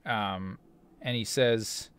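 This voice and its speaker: A man runs a tabletop game, narrating the scene in a slow, halting way with many restarts. His voice sits a little low, and the recording is dry and close. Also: fairly even intonation, a bit bright, smooth, dry recording. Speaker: game master.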